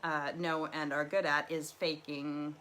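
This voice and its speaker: A woman's voice: low voice, level tone, measured pace, fairly bright tone, rough recording. A middle-aged woman talking candidly and rambling from her living room as host of a live stream. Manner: rambling, candid, lots of restarts. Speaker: livestream host. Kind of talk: casual personal talk.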